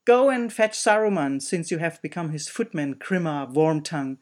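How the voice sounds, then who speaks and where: A man voicing a stern, commanding old male wizard who speaks loudly. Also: high-pitched, normal speed, lightly acted. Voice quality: loud, commanding.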